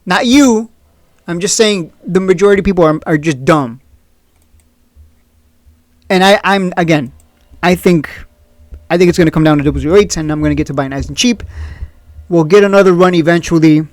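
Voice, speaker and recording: A man's voice: fairly high pitch, brisk, long pauses, no echo. A blunt, opinionated man talks through stock picks with a slightly raised voice and a sarcastic edge. He is recorded close and dry, with no room sound at all. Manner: blunt, opinionated, sarcastic, often laughs at critics. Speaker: stock market video host. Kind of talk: casual trading commentary.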